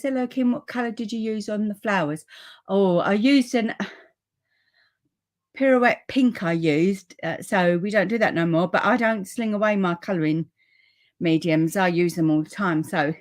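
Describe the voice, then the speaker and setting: A woman hosting a live papercraft demonstration at home, chatting and rambling in friendly asides as she reads out viewer comments. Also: mid-range voice. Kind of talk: live crafting stream, reading viewer comments. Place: room upstairs at home.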